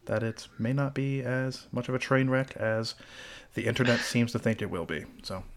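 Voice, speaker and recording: A man hosting a casual podcast chat, measured and wry with a dry sense of humor. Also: medium pitch. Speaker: podcast host.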